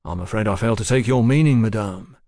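A man's voice: lowish voice, a little fast, a little mellow, dry recording, studio quality, close to an everyday voice. A man voicing a reserved, courteous male bodyguard who speaks politely and briefly. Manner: polite, clipped, restrained.

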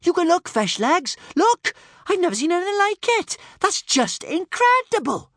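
A man voicing an excitable young Viking girl in an audiobook, high and shrill with wonder. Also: normal speed, no echo, studio quality, heavily acted. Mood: amazed.

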